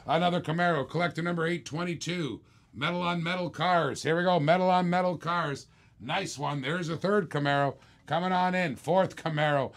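A man hosting a live-streamed toy car auction, calling bids in quick repeated bursts with chatty asides to viewers. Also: a little high, creaky. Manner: rapid repetitive bid calling, chatty asides. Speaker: auctioneer host.

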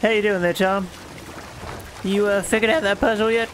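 A man co-hosting a casual gaming stream, excitable and cheering, with lots of stammered restarts. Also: high voice, moderate pace, a little hiss or hum.

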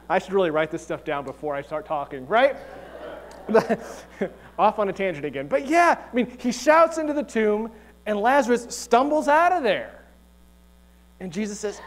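Man, pastor; relaxed, joking sermon delivery, slightly high-pitched, church setting. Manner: chatty, joking, asks rhetorical questions. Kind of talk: conversational sermon. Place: church sanctuary.

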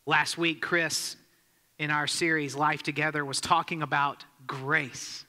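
Bright-voiced man preaching in a hall. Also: a little high, level tone, a little slow. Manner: conversational storytelling, asks the crowd questions. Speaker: pastor. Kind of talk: sermon. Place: church sanctuary. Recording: long hall reverb.

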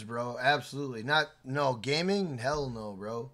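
A man live-streaming a video game, loud and casual, swearing often and scolding his son between comments to the chat. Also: mid-range voice, measured pace. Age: adult with a school-age son.

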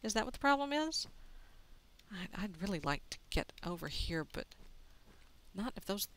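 A woman's voice: mid-range voice, sing-song, normal speed, a little hiss or hum. A woman giving playful, chatty commentary while she plays a video game, talking to herself as she goes. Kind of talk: gameplay commentary.

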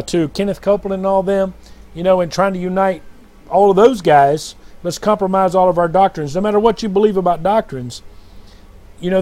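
A man's voice: high-pitched, mellow. A man preaching and recounting a dream in a rambling, repetitive, fervent way, often calling out to "brothers and sisters.". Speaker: self-styled prophet and preacher. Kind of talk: late-night dream testimony and preaching. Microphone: recorded alone at night.

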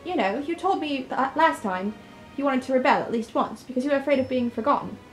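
A woman's voice: fairly quick, soft background music, close to an everyday voice, poor audio. A woman voicing a caring, blunt young man with rabbit ears in a game, brash and teasing. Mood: earnest. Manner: brash and teasing, raised pitch.

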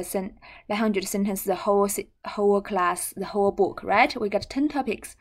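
A young woman with a Chinese accent, a native Chinese speaker, teaching a language lesson slowly and repeating words and syllables. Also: mid-range voice.

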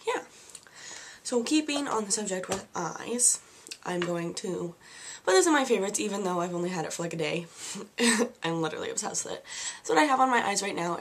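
A woman giving a casual, bubbly beauty product review at home, chatting with lots of "like" fillers. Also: mid-range voice. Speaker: beauty vlogger. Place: at home, seated with products in front of her.

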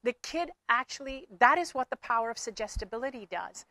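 Woman, spiritual speaker; earnest, repetitive motivational delivery, higher-pitched voice. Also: fast talker, sharp tone, dry recording. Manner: earnest, repeats herself with fillers. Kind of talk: motivational talk to viewers.

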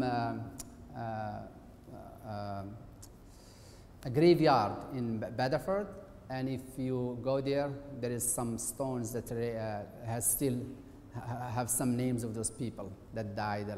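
A man's voice: medium pitch, darkish tone. Middle-aged man, guest lecturer, conversational and hesitant delivery, mid-range voice, roomy auditorium sound, faint hiss. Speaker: guest lecturer, occupational therapist. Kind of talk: presentation lecture. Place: university auditorium. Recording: echoey hall with faint hiss.

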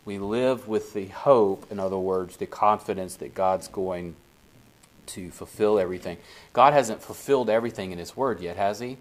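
A small Bible study group hears a lowish-voiced man lead them in a casual, easy manner. He regularly asks whether they follow him, keeping his pace unhurried and his tone relaxed.

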